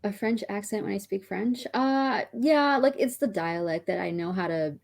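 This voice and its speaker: A woman from Canada talking casually, often pausing to search for words. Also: mid-range voice, creaky. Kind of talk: casual chat.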